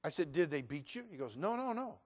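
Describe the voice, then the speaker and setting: A middle-aged male pastor preaching a sermon, shifting from quiet storytelling to loud exhortation. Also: a little high, sing-song, fairly quick, slightly rough.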